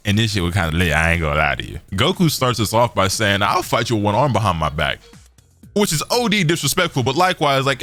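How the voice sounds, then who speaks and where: A man's voice: mid-range voice, a bit bright. A young man giving a loose, slangy casual recap as an anime reviewer.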